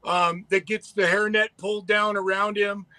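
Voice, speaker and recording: A man with a high voice talks wrestling history in a rambling, enthusiastic way, restarting his sentences often. The sound is dry and close, with almost no room around it. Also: flat delivery, moderate pace, sharp tone, no echo. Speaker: podcast co-host. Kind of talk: casual chat.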